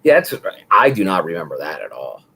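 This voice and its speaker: A man co-hosting a casual chat, laid-back and agreeable, yet expressive when he makes a point. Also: low voice, brisk, creaky, slight background noise. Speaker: podcast co-host.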